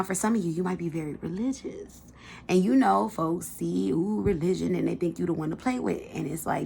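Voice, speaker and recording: A woman's voice: on the low side, vocal fry, slight background noise. A woman giving a casual pick-a-card tarot reading, chatty and colloquial, talking straight to her viewers. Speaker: tarot reader.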